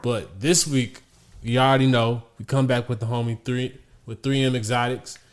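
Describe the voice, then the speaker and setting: A man's voice: medium pitch, fairly even intonation, normal speed. A man hosting a podcast in laid-back, slangy casual banter. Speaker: podcast host. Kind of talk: casual chat.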